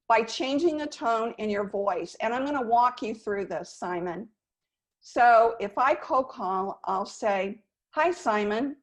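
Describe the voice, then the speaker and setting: A woman sales coach hosting an interview, talking in a lively way and acting out phone intonation as examples. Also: on the high side. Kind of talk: conversational interview.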